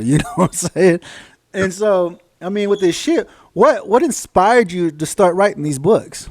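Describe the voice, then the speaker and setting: A man hosting a casual veterans' podcast, profane and animated, getting loud when fired up. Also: high voice, moderate pace, dry recording. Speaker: podcast host.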